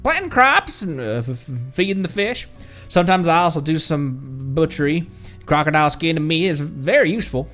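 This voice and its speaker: A man's voice: on the high side, very animated, moderate pace, a bit bright, soft background music. A man voicing a polite, grim crocodile farmer in a put-on swamp drawl, stumbling over a few words. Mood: courtly.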